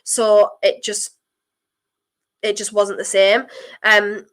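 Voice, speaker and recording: A young woman with a blocked nose, chatting nervously and excitedly through a live football watchalong and breaking into sudden exclamations. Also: mid-range voice, slow. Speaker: streamer hosting a football watchalong.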